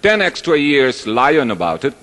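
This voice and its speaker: A medium-pitched man with a sing-song lilt and a slightly bright tone tells stand-up jokes at a normal speed. Performing in a large hall with a live audience, he rambles chattily and mocks himself. Long hall reverb colors the recording.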